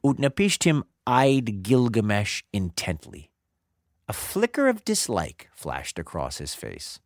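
A man narrating a myth as a story, in an expressive, dramatic way. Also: fairly low pitch, takes it slowly, no room sound. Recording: dry close sound with faint music.

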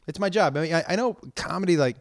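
A comedian telling stories in casual chat, swearing often and ranting with animation. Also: male voice, on the high side, fast, no room sound, clean studio sound. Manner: profane, animated storytelling rants.

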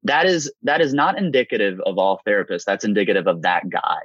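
A man's voice: on the low side, fairly quick, husky, dry recording, muffled recording. Man in his thirties telling his story. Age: 30s. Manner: animated storyteller, acts out quotes. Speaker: guest. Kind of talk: candid personal interview.

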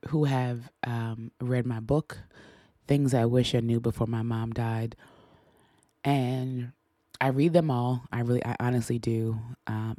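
A middle-aged woman hosts her podcast in a mellow, dark-toned voice, speaking earnestly and haltingly with frequent restarts. The sound is dry and close, with no room around her. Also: a bass voice, no room sound. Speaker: podcast host. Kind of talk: reflective podcast monologue.

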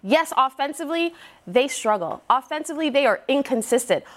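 A woman's voice: high voice, lively intonation, brisk. A woman football reporter arguing her point on a sports debate show, playful and confident. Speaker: NFL reporter guest.

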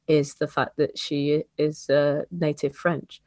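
Male podcast host, casual, halting chatter, dry studio sound. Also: fairly high pitch, level tone, dry recording. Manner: chatty, many restarts and "like" fillers.

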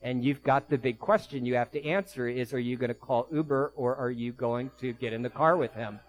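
A man preaching a sermon as pastor, telling vivid stories in quick bursts and slowing down to soft, quiet emphasis. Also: mid-range voice, steady tone, slight background noise, low-quality recording.

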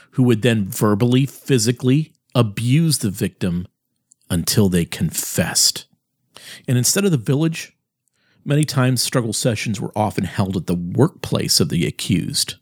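A man delivering a heated, sarcastic political monologue as host, with sharp emphatic swings in his voice. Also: fairly low pitch, slightly rough, dry recording, studio quality.

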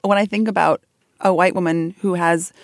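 A woman co-hosting a podcast, chatting casually in an animated, giggly way with lots of filler words. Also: on the low side, normal speed, no echo, clean studio sound.

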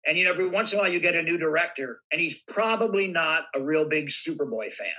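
An older man from Southern California tells stories as a podcast guest, lively and given to acting out bits of dialogue. His voice is very bright and forward, with a husky edge. He sits a little above the usual male pitch. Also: quick pace, rough recording. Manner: animated anecdotes with acted-out voices. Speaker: guest actor. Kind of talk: podcast interview storytelling.

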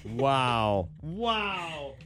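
A man's voice: mid-range voice, very animated, extremely slow, sharp tone. A man hosting a casual comedy chat, reacting with lots of laughter. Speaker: host.

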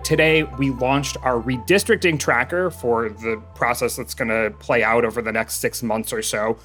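A man's voice: medium pitch, fairly bright tone. A man hosting a politics podcast, reading his intro and joking with his co-hosts in a casual chat. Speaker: podcast host.

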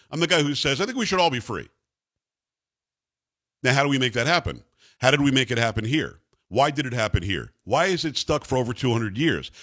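A man hosting a talk radio show, delivering an emphatic, opinionated monologue and mimicking other people's voices. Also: mid-range voice. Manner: emphatic, animated, mocking voices.

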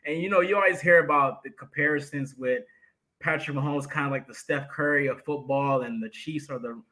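Bright-voiced male podcast co-host. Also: a little high, brisk, poor audio. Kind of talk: casual sports podcast chat.

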